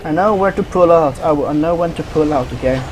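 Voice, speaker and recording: A man's voice: fairly high pitch, fast talker, a little mellow, a little hiss or hum. Man swearing through game commentary. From Sweden. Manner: swears a lot, trash-talks opponents. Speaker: gaming commentator. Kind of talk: profane gameplay commentary.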